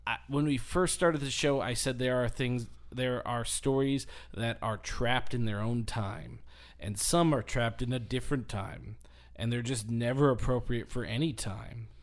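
Male podcast host, casual chat, rambling storyteller, mid-pitched voice, laughs easily. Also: unhurried.

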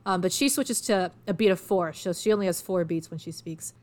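A woman's voice: on the low side, a little fast, hardly any pauses, a little mellow. Woman, podcast co-host, casual chat, eager explainer, lots of um and like. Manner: chatty, explains eagerly with many fillers. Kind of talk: casual chat about literature.

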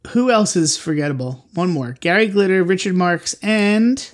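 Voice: mid-range voice, animated, normal speed. A podcast host chatting casually and jokingly with a co-host, often rambling and correcting themself mid-sentence. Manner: playful, jokey, rambling with self-corrections. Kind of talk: casual comedic podcast chat.

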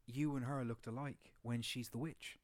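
A man's voice: mid-range voice, steady tone, normal speed, no room sound. A man co-hosting a casual film podcast, rambling and trailing off mid-sentence. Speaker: podcast co-host. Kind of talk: casual film-review chat.

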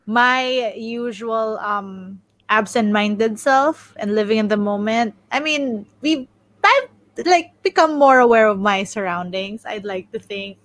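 Podcast guest, female, slightly high voice, slow unhurried delivery, playful, dry sound. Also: fairly bright tone, no room sound. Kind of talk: casual chat.

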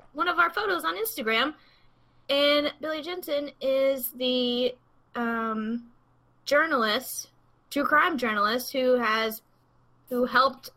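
A woman co-hosting a podcast, chatting in an excitable, talkative way. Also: sits high, low-quality recording. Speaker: podcast co-host. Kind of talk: casual chat.

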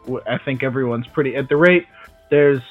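A man's voice: mid-range voice, fairly quick, soft background music. A man playing a tabletop game, joking around with the group. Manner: jokey, animated. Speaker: player. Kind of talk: casual tabletop play. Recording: dull lo-fi sound.

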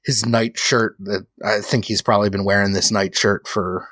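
A man's voice: on the low side, little pitch movement, moderate pace, fairly bright tone, no room sound. Casual man describing his character. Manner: casual, filler-heavy with "like" and "I think". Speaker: player.

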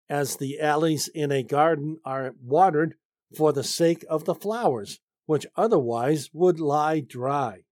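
A man teaching the Bible, reading commentary aloud and explaining it slowly, stressing key phrases. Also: on the high side, darkish tone, no echo, studio quality. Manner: slow, deliberate reading with emphatic stresses.

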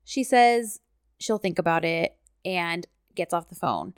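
A woman's voice: fairly low pitch, lively intonation, a little slow, clear, resonant tone, no echo, clean studio sound. A woman co-hosting a casual chat, retelling episode scenes and quoting the characters' lines. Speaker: podcast co-host recapping a TV series.

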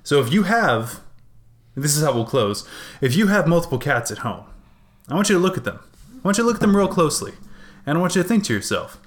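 A man's voice: on the high side, big pitch swings, a little fast, long pauses. Man spinning mock-serious conspiracy talk. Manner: conspiratorial, mock-dramatic, casual slang. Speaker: podcast co-host. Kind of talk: casual chat.

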